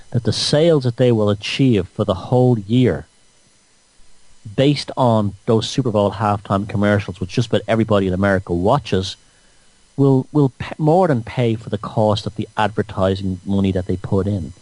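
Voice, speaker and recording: A man's voice: on the low side, darkish tone, no echo, low-quality recording. Rambling mocking male radio host. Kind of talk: satirical monologue.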